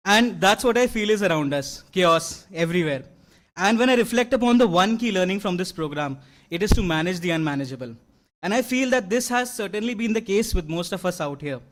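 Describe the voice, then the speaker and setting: A young man, giving an earnest graduation speech with many fillers and restarts. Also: high-pitched. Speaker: award-winning graduate. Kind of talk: convocation speech. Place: large convocation hall.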